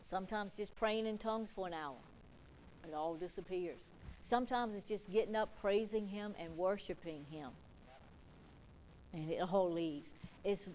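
A woman's voice: mid-range voice, darkish tone, slight background noise, low-quality recording. Emphatic woman preacher. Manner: emphatic, repetitive, quotes scripture. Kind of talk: sermon.

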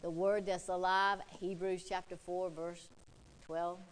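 A woman's voice: lowish voice, level tone, measured pace, rough recording. A woman preacher delivering an emphatic sermon, repeating points and quoting scripture. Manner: emphatic, repetitive, quotes scripture.

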